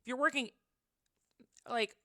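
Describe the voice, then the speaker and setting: A woman's voice: high-pitched, a little slow, bright, forceful tone, dry recording, clean studio sound. A young woman livestreaming, casually telling a rambling personal story full of filler words. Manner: chatty, rambling, lots of "like" fillers.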